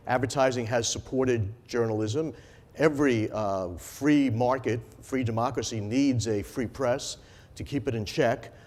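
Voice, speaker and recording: Brief: male moderator, mid-pitched voice, chatty with long winding questions, echoey hall. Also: darkish tone. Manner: chatty, long rambling questions, frequent agreeing backchannel. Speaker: interviewer, head of the organization. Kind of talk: conference stage interview. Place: conference stage.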